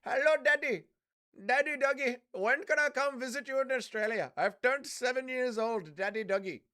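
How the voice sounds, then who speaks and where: A man's voice: extremely high pitch, moderate pace, pushed and bright, smooth, voice pushed up. A man voicing a pleading seven-year-old boy who calls out to his daddy.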